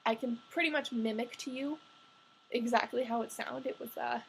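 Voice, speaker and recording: A woman's voice: on the high side, steady tone, normal speed, creaky, slight background noise, rough recording. A young adult woman telling a personal story in a candid, confessional way, chatty and full of "like" fillers.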